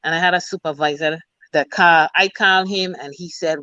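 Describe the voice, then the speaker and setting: A woman's voice: lowish voice, fairly even intonation, fairly quick, bright, forceful tone, dry recording, lo-fi sound. A middle-aged woman from the Virgin Islands with a Virgin Islands accent, a military officer telling stories as a guest in a casual interview. She talks emphatically and leans on "you know" and "you understand.".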